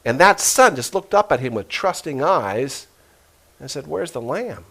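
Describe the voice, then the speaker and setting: A middle-aged man preaching a sermon as a pastor, telling stories earnestly and dropping to a hush for quoted voices. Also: mid-range voice, big pitch swings, unhurried. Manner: earnest storytelling, emotional retellings with hushed quoted voices.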